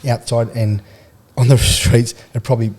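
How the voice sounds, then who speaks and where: A man's voice: medium pitch, flat delivery, moderate pace, darkish tone, husky. An Australian man in his forties from Queensland, a guest on a podcast, telling rambling stories full of slang and laughter. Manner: rambling, laughs through anecdotes, blokey slang. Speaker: podcast guest, former rugby league player. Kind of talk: casual storytelling. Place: radio studio.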